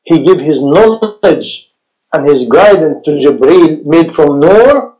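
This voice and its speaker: A man preaching a sermon, animated and rising to shouts, firing rhetorical questions at his audience. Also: on the high side, slow, poor audio. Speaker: Islamic preacher.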